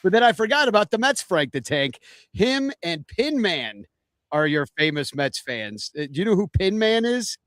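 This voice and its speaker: A man's voice: high-pitched, sing-song, moderate pace, fairly bright tone, dry recording. Wry man hosting a dry-sounding chat. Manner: joking, wry asides. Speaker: host. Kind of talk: casual chat.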